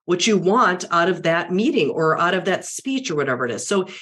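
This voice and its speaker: A middle-aged woman, a media and public speaking coach, with a deep barky voice, talking animatedly in a casual interview. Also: brisk. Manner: animated, self-correcting, acts out client quotes.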